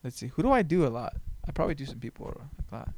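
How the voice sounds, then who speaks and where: A man's voice: medium pitch, big pitch swings, racing, darkish tone. A man hosting a solo podcast, rambling casually and joking with plenty of profanity. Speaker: podcast host. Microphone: headphones on, close mic.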